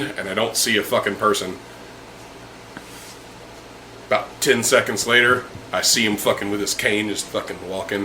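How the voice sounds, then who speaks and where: A man's voice: mid-range voice, pushed and bright, slight background noise, poor audio. A young man casually telling a profane story over drinks, acting out the people in it. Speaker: podcast host.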